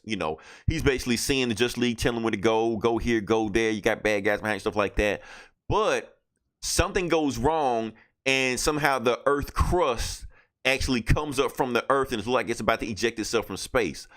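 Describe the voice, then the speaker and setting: A man's voice: mid-range voice, a little fast, a bit bright. A man hosting a podcast, recapping comic books in a loose, profane, casual way. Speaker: podcast host.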